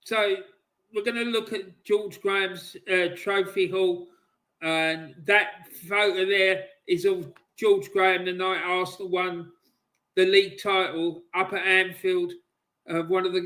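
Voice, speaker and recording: A man hosting a football channel, ranting angrily and swearing heavily, with loud shouting bursts, off camera at home. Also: high-pitched, steady tone, unhurried. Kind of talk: angry ranting monologue.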